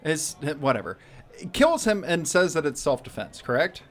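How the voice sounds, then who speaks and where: A man's voice: fairly high pitch, very animated, normal speed. A man co-hosting a podcast, asking skeptical, incredulous questions. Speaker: podcast co-host. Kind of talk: casual chat.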